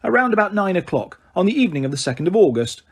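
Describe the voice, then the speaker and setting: A man's voice: high voice, very animated, rapid-fire, slightly rough, voice pushed up, full character voice. A man voicing a nervous, quavery elderly woman giving witness, gabbling her words.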